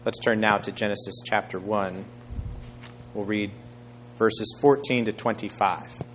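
A man's voice: on the low side, fairly even intonation, slight background noise. Man preaching and reading scripture. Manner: measured reading, rising loud on quoted speech. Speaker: pastor.

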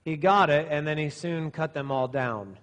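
A middle-aged man delivers a sermon to young men in a slightly high voice. He exaggerates and speaks sarcastically to drive his lesson home. A long reverb trails his words through the hall. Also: moderate pace, a bit bright. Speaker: pastor.

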